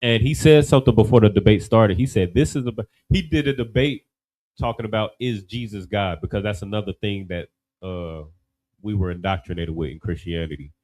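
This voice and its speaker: A man leads a relaxed class. His voice sits fairly low. He talks loosely and keeps checking in with his listeners. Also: brisk, poor audio. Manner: loose and conversational, many "you know what I mean" asides. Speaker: class teacher. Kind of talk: casual classroom teaching.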